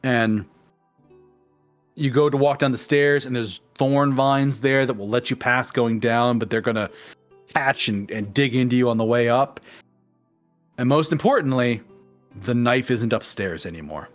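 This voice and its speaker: A man's voice: medium pitch, a little slow, pauses often, soft background music. A man in a casual conversation, telling a long game story and acting out the characters' lines as he goes. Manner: animated storyteller acting out quotes. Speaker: guest in a game discussion.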